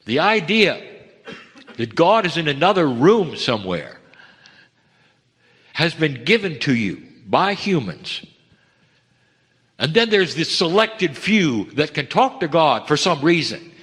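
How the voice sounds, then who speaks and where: A man's voice: big pitch swings, slightly rough. Man giving a channeled message in a reverberant hall. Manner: slow, heartfelt phrasing in short broken phrases; swings between raised emphatic lines and hushed low ones. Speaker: spiritual channeler. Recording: long reverb of a large hall.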